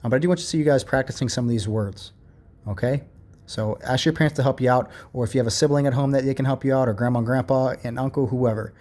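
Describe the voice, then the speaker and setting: A patient young man teaching a remote lesson, explaining each step slowly and checking in often. His voice sits at a moderate, everyday pitch. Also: darkish tone. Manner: patient, step-by-step, repeats "all right" and "okay". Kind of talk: recorded remote lesson walkthrough.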